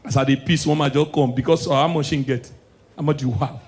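A man with a Nigerian Pidgin English accent performing a stand-up comedy set, loud and animated, shouting his punchlines. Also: mid-range voice, brisk.

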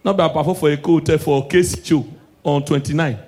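A Nigerian man performing a stand-up comedy set, mixing Pidgin into his stories and swinging from soft asides to shouted punchlines. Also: a little high, steady tone, fairly quick.

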